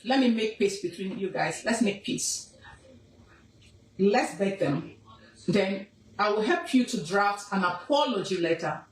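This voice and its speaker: A woman's voice: medium pitch, reverberant, distant mic, a little hiss or hum, rough recording. A Nigerian woman from the southwest, a king's advisor, giving an emphatic, scolding statement and repeating phrases for weight. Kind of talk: emphatic personal statement to camera.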